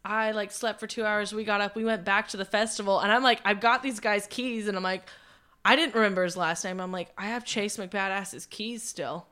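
A woman's voice: mid-range voice, fairly even intonation, brisk, pushed and bright, clean tone. A young woman, a podcast co-host, telling a story in casual chat, acting out quotes and swearing freely.

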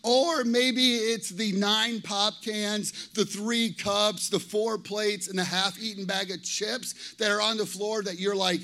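Bright-voiced energetic preacher man. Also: sits high, takes it slowly, hardly any pauses. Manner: energetic, jokey, talks straight to the congregation. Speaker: pastor. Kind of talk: sermon. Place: church.

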